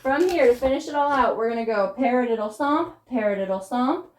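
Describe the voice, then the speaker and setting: A woman's voice: fairly high pitch, brisk, very noisy. A woman teaching a tap dance routine, counting and calling out step names in rhythm while she dances, audibly out of breath. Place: dance studio. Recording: echoey room with loud tap clicks.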